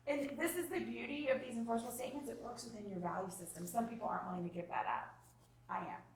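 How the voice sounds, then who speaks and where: A woman's voice: a little high, quick pace. Echoey distant woman leading a workshop. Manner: animated, acts out parent and child lines. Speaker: parenting workshop presenter. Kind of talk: live workshop talk. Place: room with live audience. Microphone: distant room mic. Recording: echoey room from far off.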